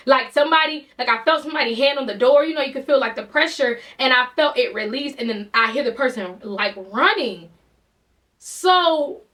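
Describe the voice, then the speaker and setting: Young woman; exasperated, animated storyteller; high, bright voice. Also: distant mic. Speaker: vlogger. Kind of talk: casual storytime.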